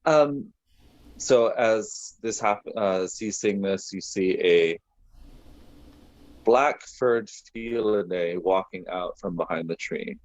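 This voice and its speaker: A tabletop game player with a low voice who talks slowly and hesitantly. He takes his time to set the scene, stopping often with "um." His tone stays even and unhurried throughout. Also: low-quality recording.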